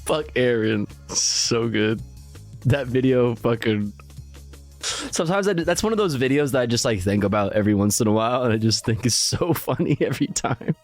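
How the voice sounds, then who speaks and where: A man's voice: mid-range voice, expressive, moderate pace, soft background music. A man streaming live, reacting to clips in loose, profane, casual chat and chuckling often.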